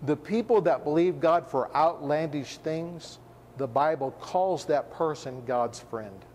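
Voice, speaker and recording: A man preaching a sermon, firing off rhetorical questions with emphasis and sinking into a hushed tone for personal stories. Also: a little high, a little slow, long reverb tail, slight background noise.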